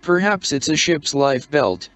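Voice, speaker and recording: A man voicing a gruff, stern ship's captain who speaks curtly and blusters at the boys in mock severity. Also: a little high, animated, a little slow, a bit bright, no room sound. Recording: dull, muffled lo-fi recording.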